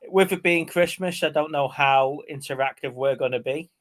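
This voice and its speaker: A man's voice: fairly high pitch, moderate pace, fairly bright tone. A man, co-hosting a live stream in casual, rambling chat full of fillers and stories. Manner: chatty, rambling storyteller with frequent fillers. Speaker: co-host of a movie live stream.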